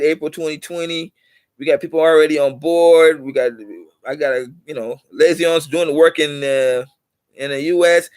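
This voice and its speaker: A middle-aged channel host with a voice a bit high for a man lectures his viewers in a wandering monologue. He circles back to repeat himself and grows lively to hammer a point home. The recording is close and dry, with no room echo.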